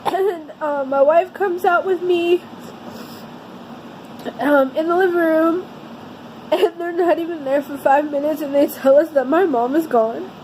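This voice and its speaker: A woman telling a personal story in a vlog, earnest and halting, often restarting her sentences. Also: high voice, darkish tone, a little hiss or hum, poor audio. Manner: somber, heavy-hearted telling. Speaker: vlogger.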